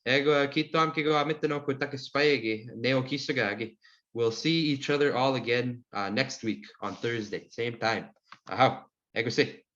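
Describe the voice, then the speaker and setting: A man teaching an online language class, answering questions in a relaxed, friendly way with many fillers. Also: mid-range voice, moderate pace. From Saskatchewan, Canada. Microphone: video call. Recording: muffled video call audio.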